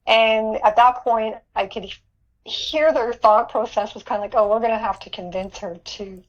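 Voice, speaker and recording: The recording is muffled, and her voice sits fairly high at a moderate pace. She's a guest on an interview podcast, telling a personal story earnestly with frequent repeated words and laughter.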